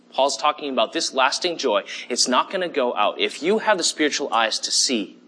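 A man delivers a sermon in an easygoing, conversational way, often pausing to check in with his listeners. His voice has a bright edge and a husky grain. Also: medium pitch. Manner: conversational preaching with fillers and "okay?" check-ins. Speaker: pastor.

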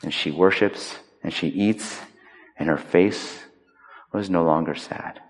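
A male pastor giving a conversational, emphatic sermon, swinging between loud stressed lines and hushed quiet points. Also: low-pitched, slow. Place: large hall. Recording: long reverb of a large hall.

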